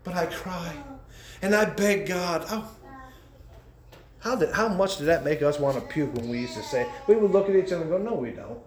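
A man preaching a sermon as pastor, impassioned, swinging between loud and hushed. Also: a little high, moderate pace, pauses often. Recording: echoey room.

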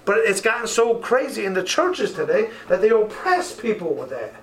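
A man's voice: high voice, sing-song, normal speed, recorded from a distance, poor audio. A man preaching a sermon, fervent and full of rhetorical questions, reading scripture aloud.

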